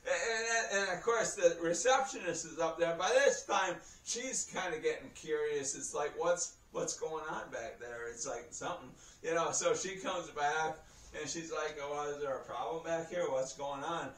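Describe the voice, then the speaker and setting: A man's voice: fairly high pitch, moderate pace, fairly bright tone. A man telling a story in a casual vlog, rambling and swearing, often breaking into laughter. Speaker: vlogger. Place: indoor room. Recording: roomy echo, heard from a distance.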